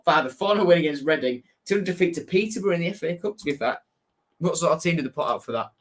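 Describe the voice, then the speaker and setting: Chatty young man with a Hull accent. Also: on the high side. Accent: Hull, Yorkshire. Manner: chatty, reads out chat messages, self-correcting. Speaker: football fan channel host. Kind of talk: casual live-stream chat.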